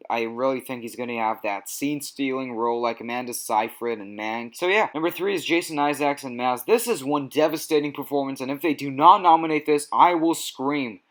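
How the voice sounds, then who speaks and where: A man's voice: medium pitch, a bit bright. Chatty man ranking award predictions. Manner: enthusiastic, opinionated, chatty with fillers. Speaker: film awards predictions vlogger. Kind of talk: casual ranked-list commentary.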